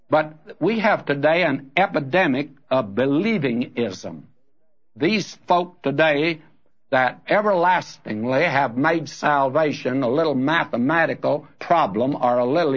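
A man's voice: on the high side, a bit bright, dull audio. A man preaching a sermon in an earnest, direct way, calling his listeners friend and brother.

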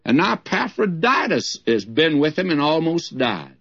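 Older male Bible teacher, folksy sermon style, animated delivery, lo-fi sound. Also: a little high, moderate pace. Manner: folksy, emphatic, addresses listeners as friends. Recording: dull lo-fi old recording.

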